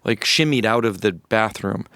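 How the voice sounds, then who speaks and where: Man in his fifties, low voice, dry close sound; candid, halting interview storyteller. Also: fairly bright tone, clear, resonant tone, no echo. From rural North Florida, USA. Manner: reflective, halting, many restarts and fillers. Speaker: musician guest.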